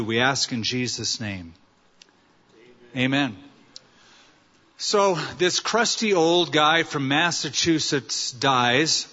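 A man's voice: mid-range voice, sharp tone. A male pastor preaching a sermon, earnest and story-telling, using rhetorical questions. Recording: dull sound with long hall reverb.

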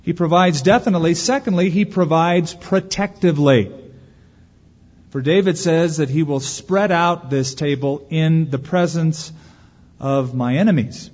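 A man preaching a sermon as pastor, lively, acting out the anxious voices of worriers. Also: on the high side, unhurried. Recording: dull lo-fi recording with long hall reverb.

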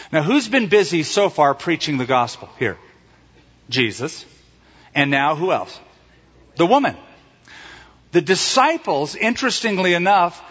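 A man preaching a sermon as a pastor, telling stories in an animated way and acting out the voices he quotes, recorded in a church sanctuary. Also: a little high. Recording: reverberant hall, dull lo-fi sound.

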